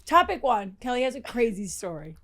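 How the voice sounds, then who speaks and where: Young female co-host, high, animated pitch, playful and teasing. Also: fairly quick. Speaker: podcast co-host. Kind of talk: casual chat.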